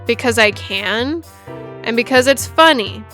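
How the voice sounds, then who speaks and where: A woman's voice: on the high side, animated, measured pace, a bit bright, faint music behind. A woman voicing a cruel, gleeful prankster boy in a game, in a smug, mocking tone.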